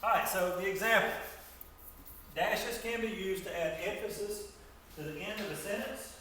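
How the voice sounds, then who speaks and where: A male teacher giving a grammar lesson to students, talking in a halting way and often repeating words as he explains. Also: sits high, pushed and bright. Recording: echoey room from far off, faint noise.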